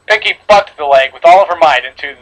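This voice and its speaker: A man's voice: a little high, quick pace, a crowd in the background, low-quality recording. A man reading a horror fan story aloud to friends, dramatic, with slips and re-reads. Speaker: story reader.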